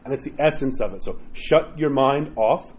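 A man's voice: medium pitch, normal speed, slightly rough. A man teaching as a priest in a casual, joking way, often acting out what people say. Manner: animated, joking, acts out quoted voices. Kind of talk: conversational teaching talk. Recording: dull lo-fi recording.

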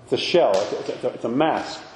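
A man's voice: mid-range voice, expressive, a little fast, slight background noise. A man, an Orthodox priest, giving an informal sermon talk, conversational and full of rhetorical asides. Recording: echoey hall with long reverb.

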